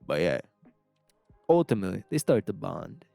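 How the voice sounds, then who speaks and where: A man's voice: low-pitched, sing-song, normal speed, gravelly, warm tone, no echo. Young man rambling through a comic story. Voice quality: rambling, profane, full of fillers. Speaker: narrator. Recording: dry close mic with faint music.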